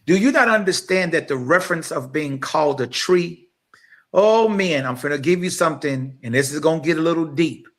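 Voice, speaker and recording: On a podcast, an adult male co-host with a high voice preaches at normal speed. His talk is impassioned and emphatic, building like a sermon as he speaks straight to the listeners.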